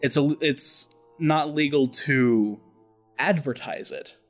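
A man narrating as game master of a tabletop role-play, relaxed and full of fillers. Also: a little high, takes it slowly, soft background music. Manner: relaxed, with many fillers and restarts.

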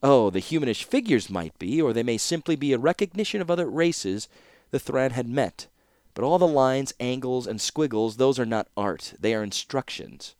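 A man reading an audiobook voices a calm, clever young scholar who speaks in a cool, measured, faintly scornful way. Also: medium pitch, no room sound, studio quality, voice pushed up, natural voice. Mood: wry.

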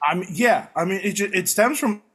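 A man's voice: high voice, animated, brisk. A man in his late twenties from Long Island, a podcast guest telling a rambling story in casual chat and laughing through his lines. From Long Island, New York. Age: late 20s.

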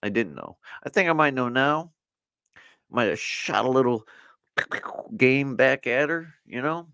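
A man's voice: mid-range voice, lively intonation, unhurried, creaky, fairly bright tone, smooth, no echo, clean studio sound. A middle-aged man hosting a podcast alone in a loose, rambling chat, full of "you know" and "like". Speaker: podcast host. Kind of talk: casual solo podcast chat. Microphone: camera setup for video recording.

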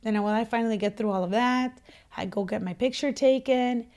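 Chatty lady, kinda high voice, animated storytelling, laughs a lot. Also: a little fast. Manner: animated, laughing, acts out quotes. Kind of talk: casual storytelling chat.

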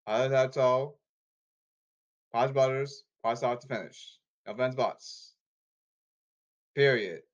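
A man's voice: medium pitch, fairly even intonation, slow pace, long pauses, lo-fi sound. A man talking casually to his audience, rambling and repeating himself as he jumps between topics. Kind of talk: casual rambling talk to camera.

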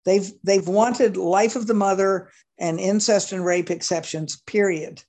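A woman guest with a mid-range voice speaks in a relaxed discussion. She talks earnestly and with emphasis, often restarting her sentences. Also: mid-range voice, a little slow. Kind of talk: casual discussion.

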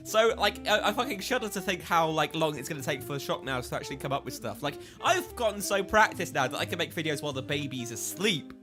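A man co-hosting a casual podcast chat over a video call, talking loudly, swearing a lot and breaking into laughter. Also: a little high, animated, fast talker, hardly any pauses, music in the background. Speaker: podcast co-host. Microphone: foam-covered microphone.

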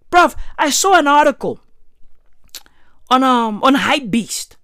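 A high-pitched woman rants in a sarcastic, profane commentary, her voice swinging widely as she gets worked up. The sound is close and dry, with no room around it. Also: very animated, unhurried, long pauses, no room sound. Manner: sarcastic, heated, swears constantly; shouts at times.

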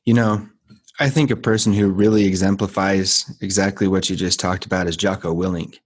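A man's voice: low-pitched, steady tone, a little fast, husky. A man hosting a podcast, talking in an earnest, emphatic way and repeating phrases to build his point. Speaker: podcast host. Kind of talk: casual podcast conversation.

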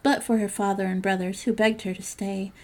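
A woman narrating a classic fairytale in a measured storybook reading. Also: mid-range voice, flat delivery, a little mellow.

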